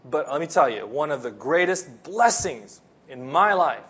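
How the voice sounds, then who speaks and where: A man's voice: a little high, very animated, unhurried, a bit bright, husky. A man from the Philippines, preaching a sermon in an earnest, conversational way. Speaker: pastor.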